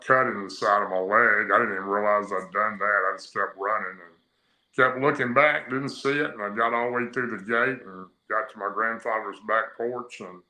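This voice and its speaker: A radio interview guest from Tennessee, a man with a lowish, bright and forceful voice, tells a long personal story. He rambles in a plain-spoken way with lots of fillers, and the recording sounds echoey and roomy.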